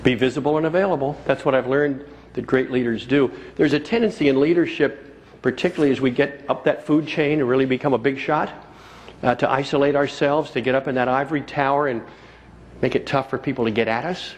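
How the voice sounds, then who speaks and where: A man addresses a live audience in a conference hall with a motivational keynote, using stories and hammering key phrases through repetition. He talks a little fast in a mid-range voice.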